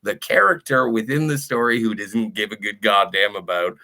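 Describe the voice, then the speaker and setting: A man's voice: on the low side, moderate pace, sharp tone. A man guesting on a casual online chat, rambling through cheeky jokes and plugs.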